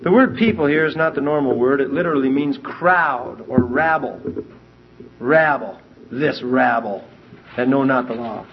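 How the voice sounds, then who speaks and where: Male Bible teacher, mid pitch, emphatic, animated delivery, dull lo-fi recording. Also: normal speed, slight background noise. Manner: emphatic, animated, reads scripture aloud in King James wording.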